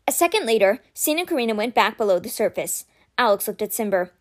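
A woman reading a children's novel aloud in a calm, measured narration. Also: mid-range voice. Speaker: storybook reader.

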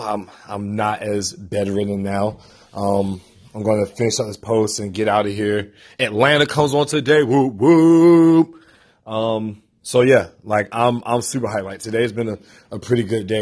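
A young man talking to his camera in a casual vlog, excitable and emphatic, often jumping to high, animated peaks, still recovering from a headache. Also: husky. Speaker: vlogger.

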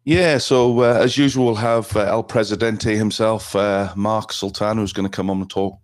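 A man's voice: lowish voice, fairly even intonation, normal speed. A man co-hosting a football show, fragile and hungover, speaking hesitantly with many fillers. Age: 50s. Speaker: co-host.

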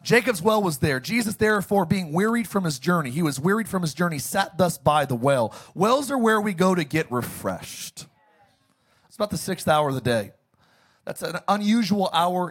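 Man, pastor, sermon; high and breathy, playful with the congregation. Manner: jokey, calls for congregation responses.

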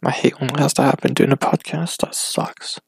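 A man talking alone on his podcast in a rambling, casual way, halting often and restarting his sentences. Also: medium pitch, flat delivery, gravelly, husky, dry recording. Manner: hesitant, halting, full of restarts and fillers. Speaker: solo podcaster. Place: at home.

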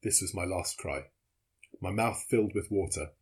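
A man with a husky voice reading a novel aloud as audiobook narrator, in a measured, steady way. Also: sits low. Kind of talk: scripted narration.

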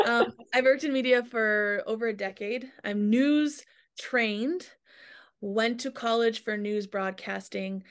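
A woman hosting a podcast in a casual, chatty way, joking at her own expense. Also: a little high. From Alberta, Canada. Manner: chatty, self-deprecating, emotional at times. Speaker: podcast host.

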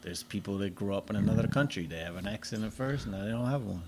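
A man's voice: fairly low pitch, fast talker, a little mellow. A man co-hosting a casual podcast chat, giving emphatic opinions and commenting on a game on the side. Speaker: podcast co-host.

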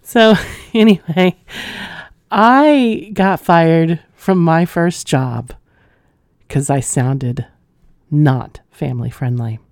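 A woman's voice: very slow, long pauses, darkish tone, dry recording, studio quality. A woman hosting a flirty adult podcast, teasing and sultry, laughing often as she talks. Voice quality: low sultry voice. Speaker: podcast host.

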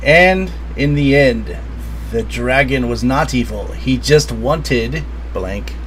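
Excitable man playing a party game. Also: slow, slight background noise, poor audio. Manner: excitable, laughing, swings loud and high. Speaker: player. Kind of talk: casual party game play.

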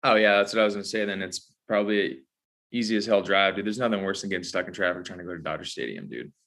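A man's voice: deep voice, quick pace, creaky, a bit bright. A man from Southern California, a songwriter guest, talking easygoing with many fillers. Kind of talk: casual interview chat.

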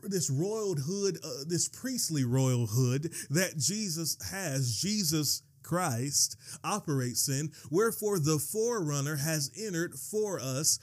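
A man's voice: fairly high pitch, expressive. Emphatic man preaching a sermon. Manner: dramatic pauses and slowed quotations, building to shouting; repeats and rereads phrases for emphasis.

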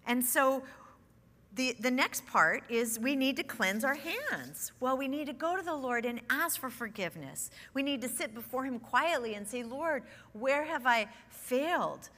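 An earnest middle-aged woman teaching a Bible study, her bright, fairly high voice carrying with a long reverb through a large hall. She talks conversationally and repeats words as she works through her points. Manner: earnest, conversational, with nervous laughs.

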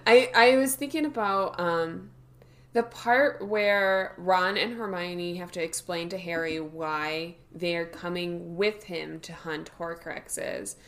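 A woman's voice: on the low side, slow pace, fairly bright tone. A woman co-hosting a podcast in casual discussion, agreeable and thinking aloud as she talks. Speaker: podcast co-host.

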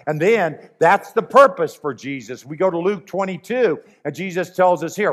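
A man's voice: high voice, normal speed, hardly any pauses. A man preaching a sermon in an earnest, emphatic way, repeating his key phrases.

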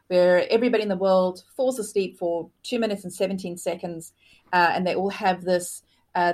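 A woman guest on a podcast, talking thoughtfully and with enthusiasm, using many fillers. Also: medium pitch. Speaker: futurist guest. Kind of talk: conversational interview.

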